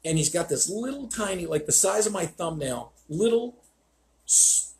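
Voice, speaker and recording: A man's voice: high-pitched, expressive, moderate pace, vocal fry. A man hosting a live stream as a dog trainer, telling stories bluntly with swearing and acted-out quotes. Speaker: dog trainer, show host. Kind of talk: casual live-stream chat.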